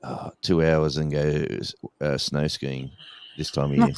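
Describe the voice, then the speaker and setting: A man from Tasmania with an Australian accent, a guest in a relaxed, easygoing live-stream chat. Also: a bass voice, a little slow, smooth, no room sound, clean studio sound.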